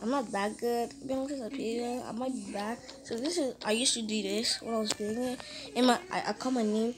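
A woman giving casual, excitable commentary while playing a mobile game, swearing often and putting herself down. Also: a little high, normal speed. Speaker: gamer. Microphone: phone. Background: loud music.

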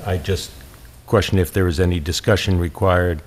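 A man chairing a town board meeting, speaking in a measured, procedural way with frequent fillers. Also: sits low, fairly even intonation. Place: town hall meeting room.

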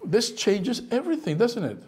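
A middle-aged pastor with a high, breathy-edged voice preaches from the pulpit at a moderate pace. He's animated, exclaiming as he makes his points and slipping into the voices of people he quotes.

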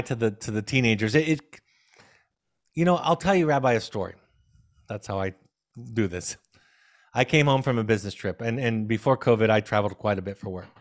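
A man in his fifties, a parenting expert, telling a gentle, reflective story during a video call Q&A. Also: medium pitch. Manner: reflective, gentle, with frequent restarts. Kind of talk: storytelling answer in a Q&A.

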